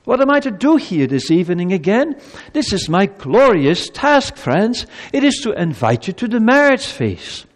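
A man preaches in a high, wildly swooping voice, pleading with his listeners and dropping from ringing emphasis into hushed solemnity. His words carry a long church reverb. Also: very animated, normal speed. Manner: impassioned, pleading, swings between loud emphasis and hushed solemnity. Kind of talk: evangelistic sermon.

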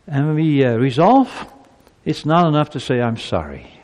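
Animated male preacher in a reverberant hall. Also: on the high side, normal speed. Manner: animated, acts out quoted speech. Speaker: pastor. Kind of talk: sermon.

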